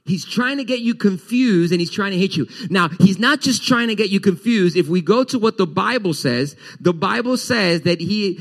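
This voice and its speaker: A male pastor preaching a sermon to his congregation, animated, his voice rising and dropping as he explains scripture. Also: sits high. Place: church.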